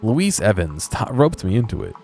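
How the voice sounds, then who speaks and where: A man reading a smooth-talking town alderman. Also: on the low side, very animated, moderate pace, darkish tone, soft background music, voice pushed up. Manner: reads the lines in his own plain voice. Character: male town alderman, cheerful smooth talker.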